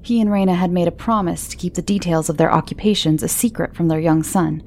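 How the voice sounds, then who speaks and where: A woman narrating a horror story in a calm, measured way. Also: fairly low pitch, a little hiss or hum.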